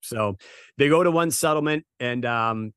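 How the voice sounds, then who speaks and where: A man's voice: medium pitch, normal speed, fairly bright tone, smooth, dry recording, studio quality. A man with a Boston accent hosting a casual book chat over an online call, chatty and profane. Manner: chatty, profane, repeats words.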